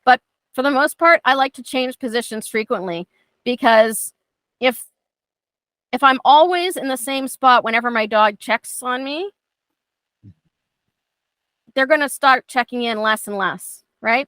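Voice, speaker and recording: A middle-aged woman trainer talks her class through dog recall, chatty and animated. Her voice sits a bit high and sounds bright, with a dry, close sound. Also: a little slow, long pauses, no room sound. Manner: chatty, acts out her dogs' thoughts in lively voices. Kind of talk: casual teaching talk to a class.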